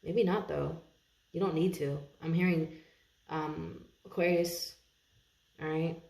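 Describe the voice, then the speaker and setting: A woman giving a casual tarot reading to her viewers, chatty, laughing often and thinking aloud with many pauses and restarts. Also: low-pitched, fairly even intonation, creaky, a little mellow. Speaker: tarot reader. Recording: roomy echo.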